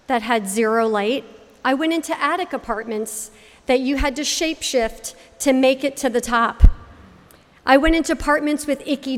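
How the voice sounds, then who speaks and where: A middle-aged woman from Connecticut telling a personal faith testimony, acting out the voices of the people in her story. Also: sits high. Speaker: speaker giving a faith testimony. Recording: hall reverb.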